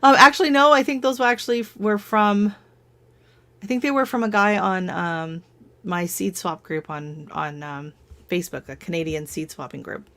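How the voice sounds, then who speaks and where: A woman's voice: medium pitch, steady tone, moderate pace, pushed and bright. A woman hosting a casual live stream from home, chatting and telling rambling stories with frequent laughs.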